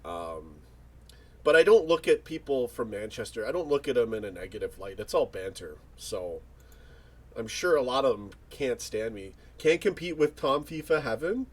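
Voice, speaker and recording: A man's voice: on the low side, animated, normal speed, a little mellow. Rambling man hosting a live chat. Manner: rambling, joking banter with frequent restarts. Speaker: livestream host. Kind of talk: casual live chat reading comments.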